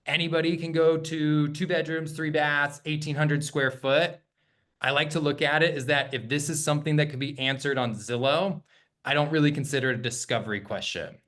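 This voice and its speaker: A man's voice: mid-range voice, fairly bright tone. Man coaching agents with constant "okay?" check-ins. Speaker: real estate sales trainer. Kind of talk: workshop presentation to agents.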